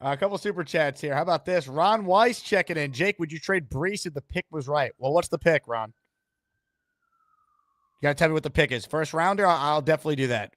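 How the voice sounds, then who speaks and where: A man's voice: on the high side, brisk, a bit bright, dry recording, studio quality. A man hosting a live-streamed call-in show, upbeat and hyping up callers and superchats. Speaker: host.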